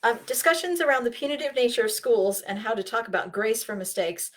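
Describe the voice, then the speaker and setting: A woman giving an earnest, live-streamed talk to parents, often acting out conversations with kids and sometimes trailing off into soft asides. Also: a little high, a little fast. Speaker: speaker for parents.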